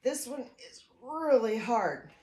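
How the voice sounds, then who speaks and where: A woman's voice: on the high side, lively intonation, slow pace, warm tone. An older woman vlogging casually at home, chatty and emotional, rambling with frequent restarts. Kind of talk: casual vlog talk to camera. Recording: echoey room.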